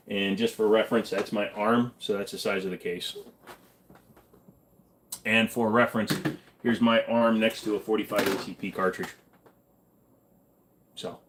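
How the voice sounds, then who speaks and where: Joking man hosting a casual livestream. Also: fairly low pitch. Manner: joking, deadpan, answers questions from chat. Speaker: livestream host. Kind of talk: casual livestream chat reading comments.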